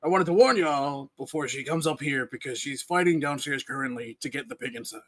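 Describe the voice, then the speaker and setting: A man's voice: mid-range voice, a little fast, fairly bright tone. A man narrating as game master of a tabletop game in a casual, laid-back way, with swearing and fillers.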